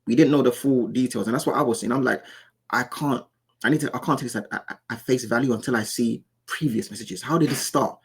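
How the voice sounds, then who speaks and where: A man's voice: medium pitch, a little fast, breathy edge. A man giving casual, insistent reaction commentary, often repeating and restarting his words as he argues his point. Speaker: commentary YouTuber.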